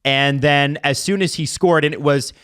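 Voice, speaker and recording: A man co-hosting a podcast in casual chat, animated as he runs the segments. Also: a little high, normal speed, clean tone, no echo, studio quality. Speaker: podcast co-host.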